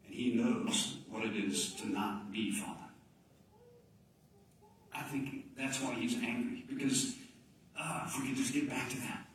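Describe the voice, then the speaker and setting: A man's voice: medium pitch, unhurried, long pauses, a little hiss or hum. Male pastor, distant mic in a very roomy hall, faint ambience; dynamic delivery dropping to near-whispers. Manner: dynamic, swings from loud emphasis to hushed near-whispers. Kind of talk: sermon.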